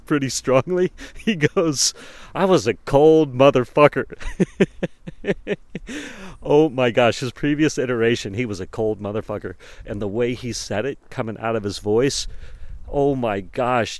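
A man's voice: mid-range voice, no room sound. A man talking alone in a reflective, rambling monologue, often chuckling and breaking off mid-thought.

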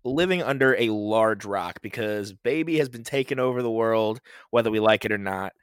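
A man's voice: fairly low pitch, normal speed, smooth, dry recording, studio quality. A man co-hosting a podcast, chatting casually about new music, rambling with fillers and laughing as he goes. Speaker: podcast co-host. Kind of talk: casual music review chat.

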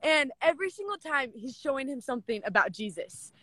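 Bright, high-voiced young woman gushing. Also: big pitch swings, brisk, dry recording. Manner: gushing, filler-heavy with constant "like"; retells scripture as chatty dialogue. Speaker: devotional speaker. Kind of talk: casual scripture talk.

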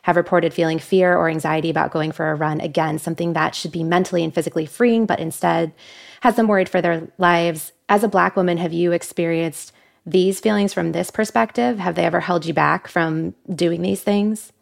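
A woman host with a low, gravelly voice leads a relaxed interview. She asks her questions conversationally and with sympathy. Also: brisk. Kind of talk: casual interview.

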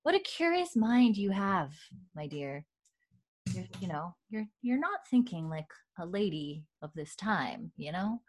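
A sly but gracious elderly lady of an old plantation house speaks in a genteel, lilting way. Her voice sits fairly low, put on lightly by a woman recapping a show. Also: big pitch swings, unhurried.

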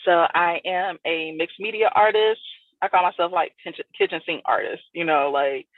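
A woman's voice: lowish voice, moderate pace, no echo. A woman from South Florida, a guest artist in a casual interview, talking in a loose, rambling way full of fillers. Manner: loose and rambling, many "like" and "you know" fillers. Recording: dry, tinny phone-like line.

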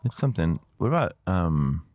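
A man's voice: low-pitched, sing-song, normal speed, no room sound, dull audio. A man co-hosting a podcast in casual chat, joking and laughing often. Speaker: podcast co-host.

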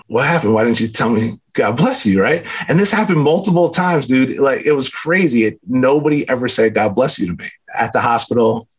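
A man in his thirties sharing a personal faith testimony in a casual, earnest way, with lots of filler words and lively retelling. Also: medium pitch, breathy edge. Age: 30s.

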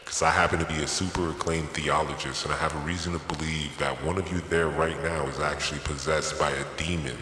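A man's voice: very deep voice, fairly even intonation, brisk, few pauses, bright, forceful tone. A man playing a pompous self-proclaimed theologian who narrates a party game in a grand, ominous scripted voice. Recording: roomy with long reverb, faint noise.

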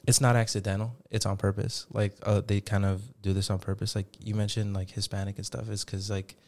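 A man's voice: on the low side, level tone, a little fast, a little mellow. A man co-hosting a podcast, explaining things hesitantly and searching for words. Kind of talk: casual podcast chat.

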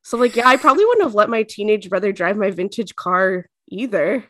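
A chatty woman co-host talking through an episode recap in a relaxed, filler-heavy way. Her voice sits at an ordinary middle pitch. The recording is close and dry. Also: dry recording. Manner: chatty, lots of fillers, quick bursts. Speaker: podcast co-host. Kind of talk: casual recap chat.

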